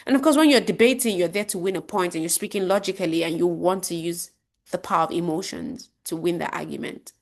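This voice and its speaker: A woman teaching a public speaking course in a conversational way. She asks rhetorical questions and acts out her examples with big jumps in pitch and loudness. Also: fast talker. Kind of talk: course lecture.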